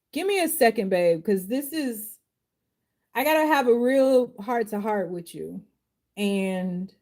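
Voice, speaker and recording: A woman's voice: fairly high pitch, mellow. A woman who is a tarot reader and life coach, giving a live tarot reading in casual, slangy, heartfelt talk.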